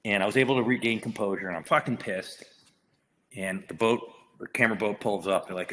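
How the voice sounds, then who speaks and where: A man's voice: fairly low pitch, fast, a bit bright. A male actor, a guest on a podcast, telling a story in casual, profane talk full of restarts. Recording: long reverb hall with faint noise.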